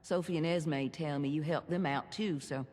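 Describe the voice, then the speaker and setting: An actress playing a wry wasteland survivor in a video game, with a gravelly voice and dry remarks. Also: female voice, low-pitched, steady tone, normal speed, a little mellow, long reverb tail. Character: dry, wry female pilot's friend in a wasteland. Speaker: game character.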